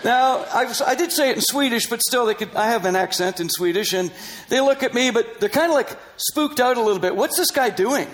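A man with a strikingly high voice tells a personal story in an animated way. He laughs often and acts out the dialogue as he goes. He is a middle-aged or older Christian missionary. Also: fairly quick, rough recording.

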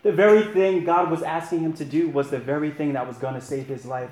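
A man's voice: fairly high pitch, fairly even intonation, brisk, darkish tone, reverberant. A man leading a men's Bible study, preaching earnestly in a conversational way and asking his listeners to respond. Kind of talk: sermon.

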